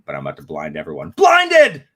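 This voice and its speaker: A man's voice: sits low, very animated, brisk, a bit bright. A young adult man co-hosting a casual livestream, joking and teasing in a rambling way. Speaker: booktube co-host.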